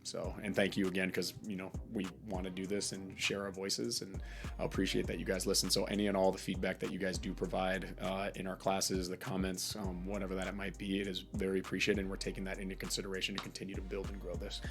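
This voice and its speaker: A man's voice: low-pitched, completely flat delivery, fast talker, a bit bright, soft background music. A young man with a Minnesotan accent, co-hosting a podcast in earnest, rambling casual chat. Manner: earnest, rambling, many fillers. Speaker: podcast co-host.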